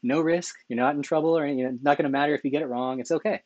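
A man's voice: fairly high pitch, fairly even intonation, quick pace, a little mellow, no room sound, dull audio. A man teaching a math lecture over slides, enthusiastic, correcting himself often and asking "right?" as he goes. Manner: enthusiastic, self-correcting, asks rhetorical questions with "right?".

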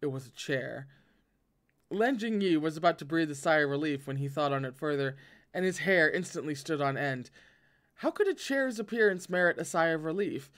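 A man's voice: fairly high pitch, lively intonation, a little fast, a bit bright, clean tone. A man reading a novel aloud and breaking off to react in a dramatic, swearing manner. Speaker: audiobook reader and reactor.

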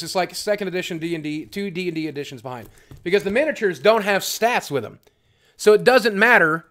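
A man's voice: a little high, fairly bright tone. A man chatting casually on his livestream with a voice that sits somewhat above the usual male range. He rambles from one thought to the next, talks bluntly with plenty of swearing, and answers questions from chat as he goes. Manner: blunt and profane. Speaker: livestream host.

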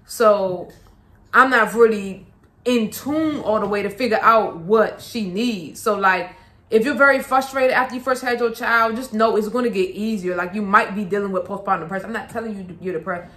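A woman's voice: medium pitch, normal speed, pushed and bright. A young woman and mother talking casually to camera in a vlog, full of slang, asides and "like"s. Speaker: vlogger, mother. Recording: echoey room.

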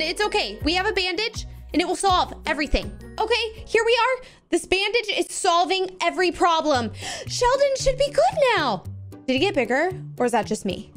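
A woman's voice: extremely high pitch, sing-song, brisk. A young woman hosting a gaming video, giving bubbly, gushing commentary as she plays and talking sweetly to the animals on screen. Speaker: gaming channel host. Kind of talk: playing a video game with live commentary. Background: background music.

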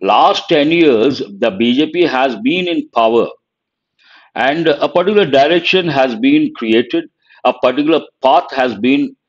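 A man teaching an exam-prep lesson, repeating each phrase and defining words with pauses and fillers. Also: mid-range voice, dull audio. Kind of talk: recorded lesson explaining an editorial.

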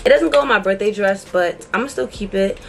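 A woman's voice: mid-range voice, a little fast, vocal fry, noisy background. A woman in her twenties chatting casually to her viewers in a bubbly, slangy vlog style. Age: 20s. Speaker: vlogger. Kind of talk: casual vlog chat to camera.

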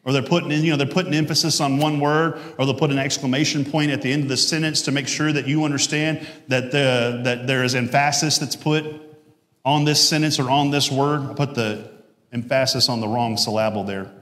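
A man's voice: medium pitch, fairly even intonation, a little fast, fairly bright tone. A male pastor giving a conversational sermon with jokes, asides and self-corrections. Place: church sanctuary. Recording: echoey church hall.

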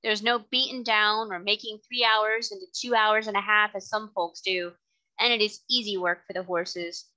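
A woman's voice: mid-range voice, pushed and bright, lightly acted, poor audio. A woman reading the part of an earnest, devout middle-aged cabman in her own light voice, in a plain, respectful tone. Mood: warm.

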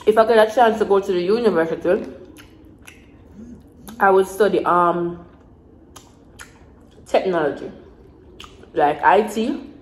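A woman's voice: mid-range voice, measured pace, long pauses, darkish tone, echoey room, poor audio. Rambling Jamaican woman in her twenties. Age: 20s. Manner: rambling and repetitive, in Jamaican Creole phrasing. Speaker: vlogger. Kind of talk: casual mukbang chat to camera.

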